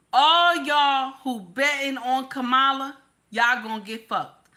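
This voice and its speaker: A woman hosting a commentary channel rants casually and profanely at her audience in a slightly high, bright, forceful voice, speaking a little slowly. Blunt throughout, she drives her points home by repeating them.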